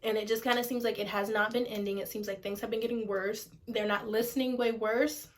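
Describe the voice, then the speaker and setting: Frank young single mom venting. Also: female voice, fairly high pitch, fairly even intonation, a little fast. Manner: frank and informal, swears freely, repeats herself for emphasis. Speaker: vlogger, single mother. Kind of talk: candid casual talk to camera. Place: at home.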